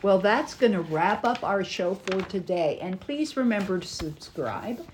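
A woman's voice: mid-range voice, animated, a little slow, a little mellow, slight background noise. A woman hosting a casual podcast, chatty and laughing, explaining with playful examples. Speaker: podcast host. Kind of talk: casual chat.

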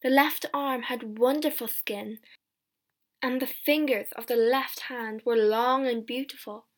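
Slow, clear woman reading a story. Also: on the high side, steady tone. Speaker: audiobook narrator. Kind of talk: scripted narration of a graded reader.

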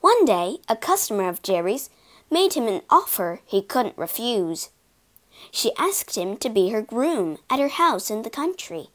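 A woman reading a storybook aloud in a slow, clear way, giving the characters voices. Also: fairly high pitch, big pitch swings. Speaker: storybook reader. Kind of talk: storybook narration for learners.

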